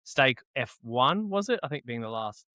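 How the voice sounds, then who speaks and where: A man hosting a podcast, playful and loud, swearing freely in casual banter. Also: mid-range voice, big pitch swings, moderate pace, dry recording, clean studio sound. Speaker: podcast host.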